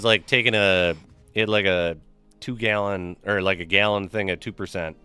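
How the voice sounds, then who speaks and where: A young man streams a game, chatting loosely with viewers, reading names from chat, and telling crude, profane, joking stories. His voice sits low with a sharp, clear, resonant tone.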